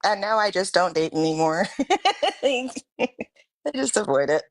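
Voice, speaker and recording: A woman guest on a live panel, chatting in an animated, joking way. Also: medium pitch, a little slow, no echo. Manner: chatty, animated, laughing easily. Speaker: guest caller telling a dating story. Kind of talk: casual live-stream chat.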